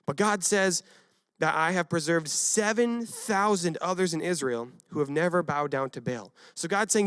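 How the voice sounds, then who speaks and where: A young man giving a casual youth sermon, retelling a Bible story with lively acted quotes and frequent asides to his listeners. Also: high voice, fairly quick, no echo, studio quality. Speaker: youth pastor.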